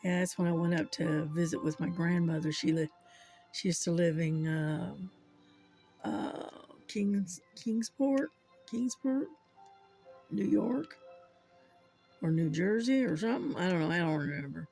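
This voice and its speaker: An older channel host with a Southern US accent chats casually, telling rambling, unhurried stories and chuckling often. His voice is medium-pitched, creaky and a little mellow, with soft background music.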